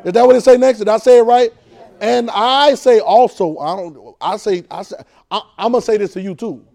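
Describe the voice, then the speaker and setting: A high-pitched male preacher leads a call-and-response sermon. He is animated, repeats his words and keeps asking the congregation questions. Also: fast, gravelly.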